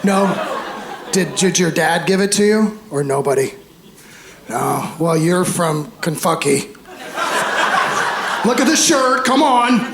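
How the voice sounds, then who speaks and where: A man in his fifties performing a stand-up comedy set on a club stage, animated, acting out voices and shouting punchlines. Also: high-pitched, slow, long pauses. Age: 50s. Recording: roomy live club sound with faint crowd noise. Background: audience laughter.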